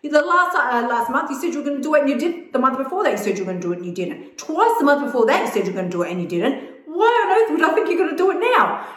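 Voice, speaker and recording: Sassy inner voice scolding you, kinda high, woman putting it on, echoey room. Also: sing-song, rapid-fire. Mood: exasperated. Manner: scolding, sarcastic. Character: sassy disbelieving inner voice, female, exasperated.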